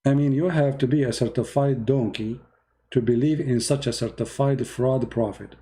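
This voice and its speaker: A man's voice: mid-range voice, fairly even intonation, moderate pace, warm tone. A man giving mocking, emphatic religious commentary in non-native English, full of sarcasm. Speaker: religious debater.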